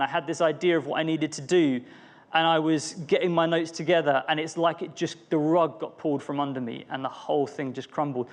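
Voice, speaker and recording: A young man shares a personal story in a church talk, earnest and reflective. His voice sits fairly high for a man, and he speaks with gentle emphasis. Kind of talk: personal testimony within a sermon.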